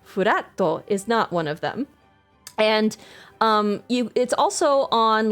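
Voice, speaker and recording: A woman's voice: fairly high pitch, lively intonation, slow pace, soft background music. A woman streaming a game live, chatting casually in a rambling, enthusiastic way, full of filler words and self-corrections, laughing often.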